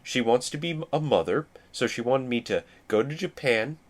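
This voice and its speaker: A man's voice: medium pitch, lively intonation, normal speed. A man rambling in casual, self-deprecating commentary while he plays a video game. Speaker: let's play host.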